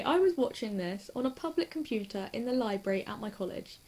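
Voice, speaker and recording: A young woman with a slightly high voice talks in a loose, rambling way. She giggles often and gushes, sounding hyper as she hops from one point to the next in a casual reaction vlog. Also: expressive, a little mellow. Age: young adult. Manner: hyper, giggly and quick to gush. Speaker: TV reaction vlogger.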